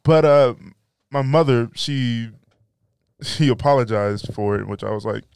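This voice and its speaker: A young man hosting a casual podcast, joking and laughing his way through stories. His voice is smooth and clear, recorded close with no room sound. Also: medium pitch, unhurried, darkish tone, no room sound. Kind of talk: casual chat.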